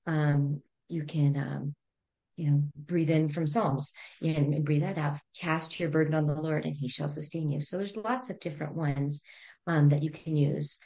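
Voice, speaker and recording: Calm low-voiced woman therapist. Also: moderate pace, creaky. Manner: calm, gently instructive, talks through breathing exercises. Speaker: therapist guest. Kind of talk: conversational podcast interview.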